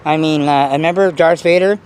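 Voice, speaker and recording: A man talking to camera about his hobby in a casual, boastful, rambling way, full of restarts and excitement. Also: on the high side, brisk, smooth. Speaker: RC nitro hobbyist vlogger.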